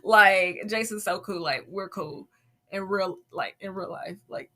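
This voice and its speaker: A woman's voice: medium pitch, a little slow. A woman hosting a podcast, casually and animatedly telling her own faith testimony. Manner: animated, acts out quoted voices, laughs often. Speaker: podcast host.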